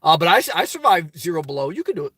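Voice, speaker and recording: A man with a New Jersey accent hosting a casual livestream, answering chat with animated rhetorical questions that swing from loud to soft. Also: a little high, rapid-fire, no room sound. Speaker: livestream host reading chat. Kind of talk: casual live chat monologue.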